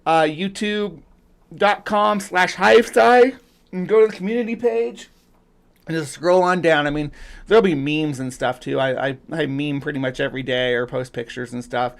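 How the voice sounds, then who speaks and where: A man's voice: a little high, normal speed, gravelly. A man hosting a casual livestream, rambling with lots of fillers and restarts. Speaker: host.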